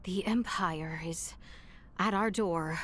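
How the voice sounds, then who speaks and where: An actress voicing an earnest young princess who speaks in formal, halting phrases. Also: female voice, on the low side, fairly bright tone. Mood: distressed.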